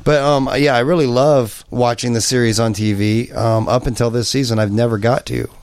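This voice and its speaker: A man's voice: medium pitch, steady tone, normal speed, darkish tone, smooth, dry recording. A man in his thirties from Kansas, hosting a casual podcast and telling jokey, rambling stories. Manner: rambling, joking storyteller. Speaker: podcast host. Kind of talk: casual chat.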